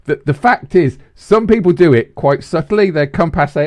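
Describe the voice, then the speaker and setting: A man's voice: fairly high pitch, normal speed, few pauses, no echo. A man from the bantering casually on a podcast as a co-host, laughing and swearing as he talks. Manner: animated, swearing, laughs often.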